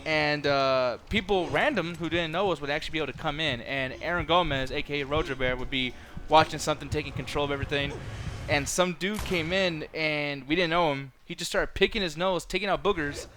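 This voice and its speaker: A man's voice: on the high side, brisk. A man hosting a game stream, chatting casually and telling joking stories. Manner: animated, joking storyteller. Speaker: streamer host. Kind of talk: casual chat while gaming.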